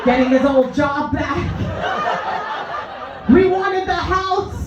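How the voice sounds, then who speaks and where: A woman's voice: sits high, slow pace, loud music behind the voice, a loud crowd, voice pushed up. A woman voicing a greedy family member who had hoped to inherit a house. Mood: deadpan. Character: greedy adult relative, flatly matter-of-fact. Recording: echoey club from far off, dull.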